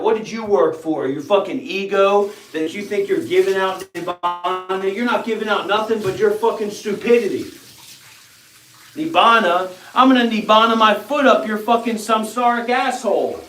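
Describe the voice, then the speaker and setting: A man hosting a meditation livestream, ranting in a profane, scornful way, with drawn-out pauses. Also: sits high, fairly bright tone, a little hiss or hum. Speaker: meditation channel host. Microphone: livestream setup. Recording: echoey room.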